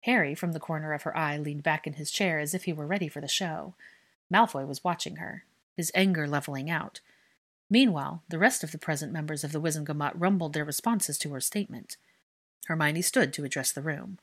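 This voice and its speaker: A woman narrating a fan fiction story aloud in a measured, even way. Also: deep voice. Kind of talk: audiobook narration.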